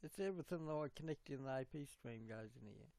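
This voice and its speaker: A man chatting casually on a livestream, rambling and halting as he corrects himself. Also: mid-range voice, lively intonation, dark tone, no room sound.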